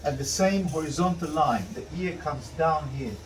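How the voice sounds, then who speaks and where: A man's voice: on the high side, normal speed, distant mic, a little hiss or hum, rough recording. A man teaching a drawing demonstration, talking through each step and correcting himself as he goes. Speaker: art instructor.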